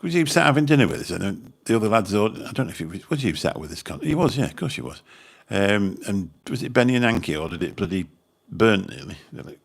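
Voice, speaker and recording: A man's voice: on the low side, sing-song, fast talker, gravelly, few pauses, slightly rough. A man with a Birmingham accent, rambling casually as he chats with viewers on a livestream, swearing mildly. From Birmingham, England. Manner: rambling, chatty, mild swearing. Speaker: channel host chatting with viewers.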